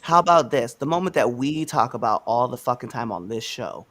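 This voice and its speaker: A man in full rant mode on a casual livestream podcast, talking at a middle pitch with lots of swings in emphasis. He swears freely and pushes his points hard, heard through a home video-call setup. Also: a little fast. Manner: animated, ranting, swears freely. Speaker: podcast co-host.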